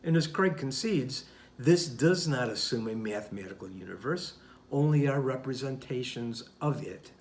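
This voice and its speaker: A man hosting the channel, reading a scripted rebuttal in a deliberate, didactic way. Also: mid-range voice, expressive. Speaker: channel host.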